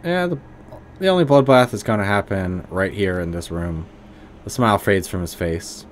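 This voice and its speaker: A man's voice: on the low side, moderate pace, slight background noise. A man streaming a game, reading its text and adding sarcastic, casual remarks. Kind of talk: game let's play commentary and reading.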